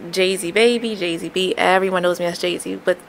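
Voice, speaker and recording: A woman chatting as a guest on a radio show, emphatic and quick to agree. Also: lowish voice, fairly even intonation, creaky, crowd noise. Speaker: guest artist. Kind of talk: casual radio chat.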